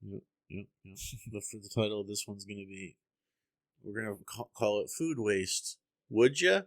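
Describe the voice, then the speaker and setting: A man's voice: lowish voice, flat delivery, normal speed, dry recording. A young man co-hosting a casual podcast, telling stories animatedly, swearing and acting out the people he quotes. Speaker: podcast co-host. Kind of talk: casual chat.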